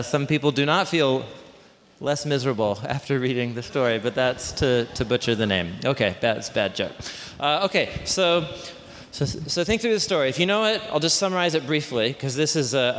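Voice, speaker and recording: A man's voice: medium pitch, brisk, a bit bright, slight background noise. Guy giving a sermon, chatty and jokey, lots of restarts, echoey church hall. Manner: conversational, self-interrupting, joking with the room. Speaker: pastor. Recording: reverberant hall.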